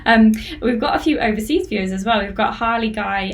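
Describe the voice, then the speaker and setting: A woman hosting a live-streamed interview on a video call, chatty and warm in her words as she reads out viewer comments. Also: a little high, fairly quick, hardly any pauses. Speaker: podcast host.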